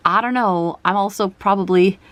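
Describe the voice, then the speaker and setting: A young woman chatting casually while unboxing trading cards, her voice jumping up into high squeals over the cute art. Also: normal speed, a little hiss or hum. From country using kilograms. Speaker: card collector vlogger. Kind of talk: casual card unboxing chat.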